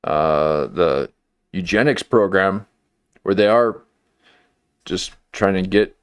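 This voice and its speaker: A man riffs in a casual, joking livestream commentary, his voice sitting fairly low. He takes his time, drawling and wandering through fillers and half-finished thoughts before landing a wry remark. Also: lively intonation, slow, smooth, dry recording. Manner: rambling, wry, with many fillers and restarts.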